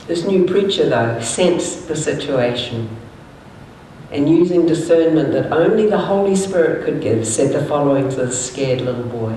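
A woman's voice: expressive, normal speed, dark tone. A woman minister giving a conversational sermon, telling anecdotes and stories and animating the quoted speech. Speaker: minister, speaker. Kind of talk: sermon with storytelling. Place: church hall. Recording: echoey hall from far off, faint rumble.

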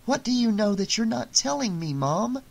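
A woman's voice: fairly high pitch, sing-song, normal speed, vocal fry, voice pushed up, full character voice. A narrator voicing a defiant, frightened teenage girl in an audiobook, speaking urgently and accusingly. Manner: urgent, accusing, shouting at times. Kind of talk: audiobook character reading.

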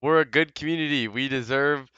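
A young man streaming a game, swinging between mock-sincere talk and loud excitement. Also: medium pitch, brisk, clean tone, no echo, lo-fi sound. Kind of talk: live game stream chat. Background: game music.

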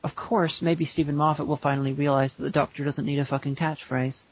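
A man's voice: fairly high pitch, flat delivery, brisk, no echo, dull audio. A man co-hosting a podcast in casual chat, rambling and breaking into silly voices. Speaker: podcast co-host.

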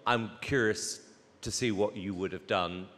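A man speaking as a talent show judge, asking a question in a measured, earnest way. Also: on the low side, fairly bright tone, in a large hall.

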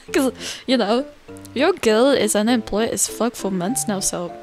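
A young woman chats to her stream audience in a slightly high voice, taking her time with each thought. She giggles often and swears casually as she rambles. Her voice is close on the mic, with faint music playing underneath. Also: expressive, unhurried, a little mellow. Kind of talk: casual live-stream chat. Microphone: close desk mic. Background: faint background music.

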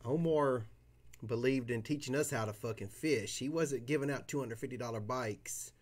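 A man's voice: mid-range voice, moderate pace. Man, card-break stream host, casual, profane, boisterous, mid-range voice. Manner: profane, boisterous, whoops loudly at big pulls. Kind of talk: casual chat while opening trading cards.

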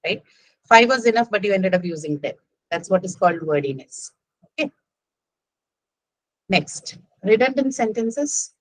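A woman's voice: medium pitch, no echo, low-quality recording. A woman with an Indian English accent lectures on English writing in an online class. She explains patiently and keeps checking that her students follow. Her voice is close and dry, with no room around it. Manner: explains patiently, with frequent "right?" and "okay?" checks.

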